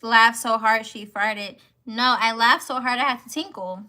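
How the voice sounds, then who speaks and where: Young woman vlogger, 20s, bright and slightly high voice, playful slangy chat, laughs often. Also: moderate pace. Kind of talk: casual chat reacting to comments.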